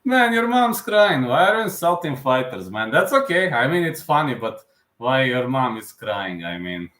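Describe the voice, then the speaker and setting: A man's voice: medium pitch, lively intonation, normal speed, a bit bright. Man hosting a live Q&A, roomy sound. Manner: hesitant non-native phrasing with many fillers. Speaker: host. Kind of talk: live stream Q&A.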